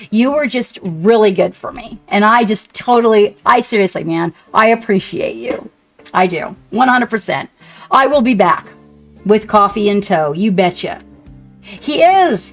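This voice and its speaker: A woman's voice: mid-range voice, a bit bright. Effusive woman streamer chatting with viewers. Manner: chatty, effusive, talks to chat. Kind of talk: casual live-stream chat.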